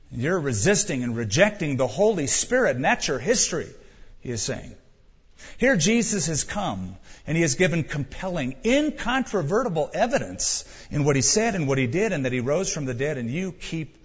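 A male pastor delivers an urgent sermon, pressing his listeners with emphatic appeals. His voice sits fairly high with a husky edge. The recording is dull and lo-fi, with a long hall reverb. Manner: emphatic, urging the audience directly.

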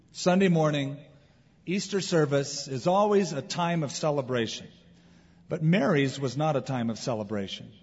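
A man preaching a sermon as pastor, with swings from loud emphasis to quiet, heavy moments. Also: on the high side, husky. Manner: expressive preaching with wide swings in loudness. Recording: dull lo-fi recording in a reverberant hall.

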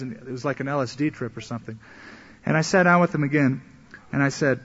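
Husky-voiced pastor telling a story. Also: male voice, fairly high pitch, fast. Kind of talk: sermon. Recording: echoey hall, dull lo-fi sound.

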